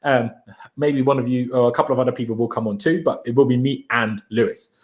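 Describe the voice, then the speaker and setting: A young man from Austria, whose first language is German, chats casually on a live stream, energetic and slangy as he hypes his viewers. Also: medium pitch, fast talker. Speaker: livestream host.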